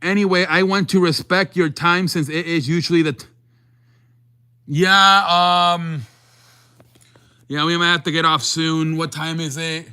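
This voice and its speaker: A young man hosting a sports stream, talking loosely to his chat with lots of restarts. His voice sits a bit high and sounds bright and forceful. He keeps it casual and unscripted. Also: steady tone, a little slow, long pauses. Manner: rambling, restarts, reads chat aloud. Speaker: sports show host.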